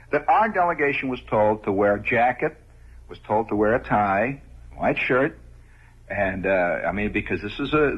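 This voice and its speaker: A man with a husky, slightly rough voice spins a rambling radio monologue full of conversational asides and little chuckles. The sound is dull and lo-fi, like an old radio recording. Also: medium pitch. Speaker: radio host. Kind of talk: storytelling monologue.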